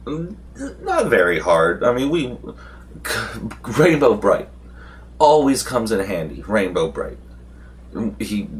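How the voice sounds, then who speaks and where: Low voiced guy, unhurried, rambling recap of his rpg night, lots of um and like. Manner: loose storytelling with many fillers and restarts. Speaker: vlogger recapping a tabletop game session.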